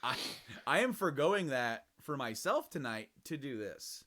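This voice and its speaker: A man co-hosting a casual podcast, signing off with relaxed, joking banter. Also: mid-range voice, measured pace. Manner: laid-back, joking sign-off banter. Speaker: podcast co-host.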